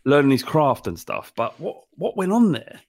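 A man's voice: medium pitch, very animated, normal speed, darkish tone, no echo. A man co-hosting a podcast, talking bluntly in casual banter with some swearing. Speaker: podcast co-host. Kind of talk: casual chat.

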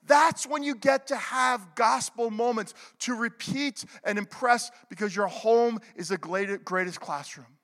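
High-voiced pastor preaching in a reverberant hall. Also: male voice, measured pace, hardly any pauses. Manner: swings from loud exhortation to hushed whisper; calls for amens from the congregation. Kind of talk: sermon.

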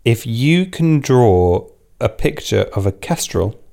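A man's voice: medium pitch, big pitch swings, takes it slowly, vocal fry, dark tone. A man co-hosting a podcast, chatting in a playful, teasing way. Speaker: podcast co-host. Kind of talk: casual chat.

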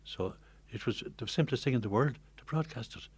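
An older man, a retiring radio presenter, chatting softly and laughing easily on a studio mic. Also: medium pitch, fairly quick, breathy edge. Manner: soft, soothing, laughs easily. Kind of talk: casual chat.

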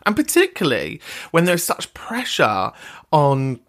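A podcast host, a man with a bright, buoyant voice that swoops up and down. He swears freely and talks in a camp, playful, chatty way. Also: on the high side, huge pitch swings, measured pace, gravelly. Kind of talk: casual chat reading voice notes.

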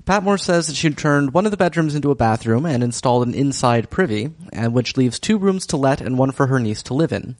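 A man's voice: medium pitch, lively intonation, brisk, few pauses, darkish tone, dry recording. A man co-hosting a podcast, recapping a TV drama in casual chat with a dry, understated humor. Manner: dry, understated, laughs easily.

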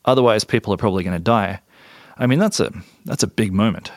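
An Australian man hosting a podcast, telling a story in a relaxed, conversational way with fillers and restarts. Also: lowish voice, fast talker, dry recording, studio quality. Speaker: podcast host. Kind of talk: casual storytelling narration.

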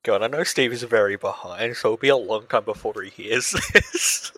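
A man's voice: lowish voice, normal speed, fairly bright tone, husky, no echo. A man with an Australian accent co-hosting a podcast in casual chat, laughing often and swearing casually. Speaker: podcast co-host.

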